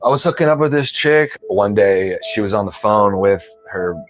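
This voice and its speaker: A man's voice: on the low side, animated, moderate pace. A man being interviewed, telling a story casually with loose, profane talk. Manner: loose, profane, laid-back.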